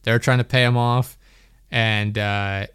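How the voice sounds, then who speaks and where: A man's voice: lowish voice, steady tone, slow pace, a bit bright, clean tone, no echo, studio quality. A young man hosting a podcast, telling a story in a rambling, laughing way, full of "like". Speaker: podcast host. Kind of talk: casual chat.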